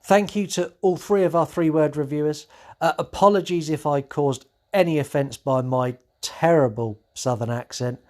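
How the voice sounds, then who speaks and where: Chatty podcast host. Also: male voice, on the high side, normal speed, a little mellow. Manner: chatty, rambling, many fillers. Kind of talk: casual podcast monologue.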